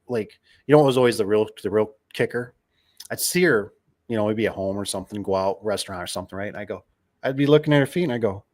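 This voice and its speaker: A man's voice: mid-range voice, very fast, a little mellow. A middle-aged man telling stories in a casual, rambling monologue, repeating himself and getting fired up. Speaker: podcast host.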